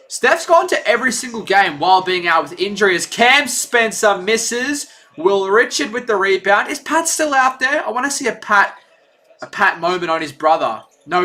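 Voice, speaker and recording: An Australian young man hosts a live basketball stream, giving rambling, chatty play-by-play at normal speed. His high, bright voice swings widely in pitch when he gets excited.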